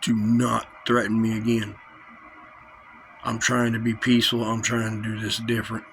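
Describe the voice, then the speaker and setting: A man's voice: lowish voice, completely flat delivery, normal speed, slight background noise, low-quality recording. A man delivering an angry, confrontational vlog rant, full of threats and repetition. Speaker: vlogger. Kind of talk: angry direct-to-camera rant.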